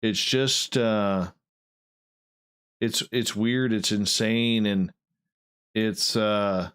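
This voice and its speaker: A man's voice: fairly low pitch, fairly even intonation, very slow, fairly bright tone, clear, resonant tone. Rambling male radio show host. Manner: rambling, with frequent restarts and fillers. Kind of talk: casual radio chat.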